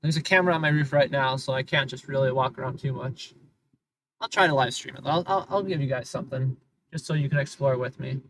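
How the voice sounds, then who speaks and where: A man's voice: mid-range voice, fast, a bit bright, slight background noise, poor audio. A man livestreaming casual, sarcastic commentary from inside his car as he drives city streets, complaining about other drivers.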